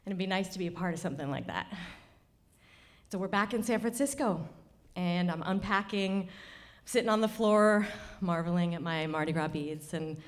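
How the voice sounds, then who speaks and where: A woman's voice: fairly low pitch, normal speed. A woman telling a true story on stage before a live audience, wry and confiding. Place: stage of a cultural center.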